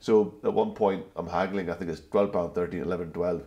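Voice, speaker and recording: A man with a gentle, slightly anglicised Glasgow accent, chatting as a guest and telling anecdotes. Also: low voice, steady tone, brisk. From Glasgow, Scotland. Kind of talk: casual interview chat.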